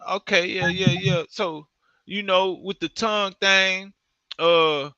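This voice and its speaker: A man's voice: high-pitched, fairly even intonation, slow pace, bright, forceful tone, clear, resonant tone, no room sound. A man hosting a casual interview, laid-back and agreeable with lots of slang. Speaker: interview host. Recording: dull lo-fi audio.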